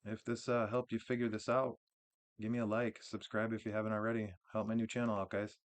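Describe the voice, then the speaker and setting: Low-voiced man rambling through a game build. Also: a little fast. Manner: relaxed, rambling, with frequent restarts and fillers. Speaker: gaming channel host. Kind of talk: casual game build walkthrough.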